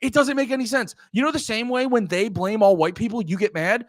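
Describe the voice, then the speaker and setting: High-voiced profane streamer man. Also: a little fast, no room sound, clean studio sound. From Pennsylvania. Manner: profane, rambling, heated. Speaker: livestream host and comedian. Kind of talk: casual livestream talk to chat.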